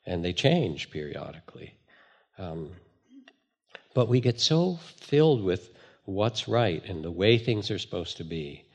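Older male meditation teacher, low voice, gentle storytelling talk. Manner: storytelling, gentle, with filler words and self-corrections. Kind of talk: dharma talk. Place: meditation hall with a live audience.

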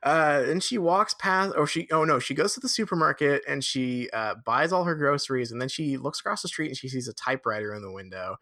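Bright, animated male podcast host. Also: medium pitch, brisk, hardly any pauses. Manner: animated, profane, jokey storytelling. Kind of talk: casual chat recapping a film.

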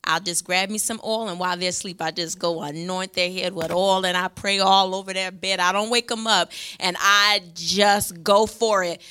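A woman's voice: mid-range voice, steady tone, moderate pace, hardly any pauses, sharp tone, clear, resonant tone. A middle-aged woman pastor preaching a sermon in a church, emphatic and passionate, her voice swelling as she makes her points.

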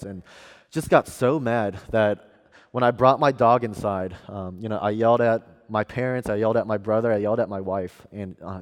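A young man delivers a sermon from the pulpit, earnest and self-deprecating, stumbling into fillers and restarts as he goes. His voice sits a little low, and a long hall reverb trails each phrase through the church. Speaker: preacher. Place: church sanctuary.

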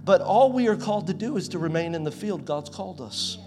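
A pastor in his forties preaching a sermon in a conversational way, swinging from loud to soft. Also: sits high, animated, brisk, over music. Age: 40s.

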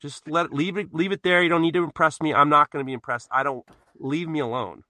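A man's voice: on the high side, fairly even intonation, quick pace, bright, forceful tone. A man guesting on a podcast, chatting casually in a rambling, self-interrupting way and swearing freely. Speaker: podcast guest, knife maker.

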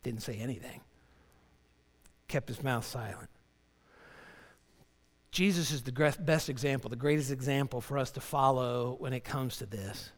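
A male pastor delivering a sermon, moving between loud, dramatic readings and quiet, low emphasis. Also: moderate pace, long pauses, long reverb tail. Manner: animated preaching, voicing Job's cries with rising pitch and dropping low for emphasis.

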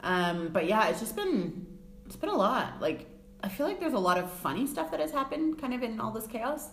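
A woman's voice: fairly high pitch, big pitch swings, normal speed, a little hiss or hum. Tired, wry woman in an echoey room. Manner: wry, self-deprecating, playful. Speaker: podcast co-host. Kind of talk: casual chat.

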